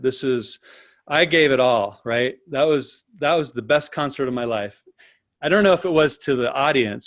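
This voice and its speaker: Man, interview guest, casual storytelling, animated, mid pitch. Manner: animated, tags sentences with "right?".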